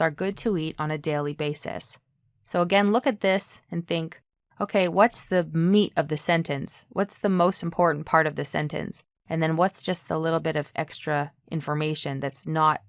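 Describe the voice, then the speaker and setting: Low-voiced woman teaching grammar. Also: no echo, clean studio sound. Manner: clear, patient explaining with frequent "okay?" checks. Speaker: English teacher. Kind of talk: online grammar lesson.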